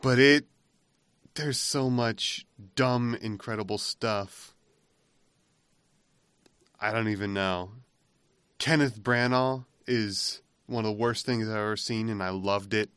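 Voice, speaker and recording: Man, podcast co-host, casual rambling chat, fairly low voice, dry close sound. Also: slow pace, long pauses, a bit bright, clear, resonant tone, no room sound. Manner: rambling, laughs at his own retelling.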